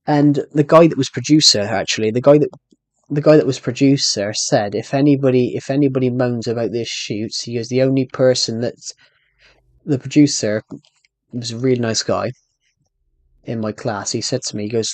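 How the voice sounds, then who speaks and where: A young man live streaming a game chats casually, telling a rambling, aggrieved story that keeps repeating and restarting phrases. His mid-range voice holds a fairly even intonation at a moderate pace, with no echo.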